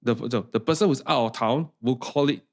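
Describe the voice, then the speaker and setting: A man with a Singaporean English accent co-hosting a podcast in casual chat, relaxed and chatty, often repeating his words. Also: medium pitch, brisk. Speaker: podcast co-host.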